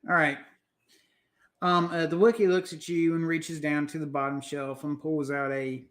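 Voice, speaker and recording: Casting: relaxed man as game master, narrating a tabletop game. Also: a little high.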